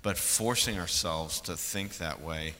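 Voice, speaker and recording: A man with a very low, bright-edged voice talks hesitantly on a panel, restarting often as he searches for the right words. A long hall reverb and faint noise sit under his voice. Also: measured pace. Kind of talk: panel discussion.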